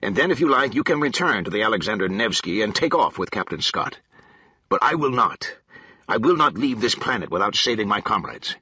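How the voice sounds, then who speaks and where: Narrator guy doing a stubborn alien ex-soldier, blunt and heated, tense husky voice. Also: on the low side, sing-song, brisk, pushed and bright, no room sound, heavily acted. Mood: determined. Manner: blunt, passionate about honor.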